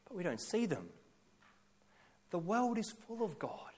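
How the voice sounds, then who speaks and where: A man's voice: high-pitched, very animated, measured pace, darkish tone. A male pastor preaching a sermon, emphatic, building his points through repeated lists and rhetorical questions.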